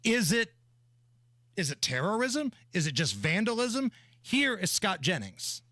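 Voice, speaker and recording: A man co-hosting a talk radio show, talking in an animated, sarcastic way into a studio microphone. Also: sits high, a little slow, dry recording. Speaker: radio co-host.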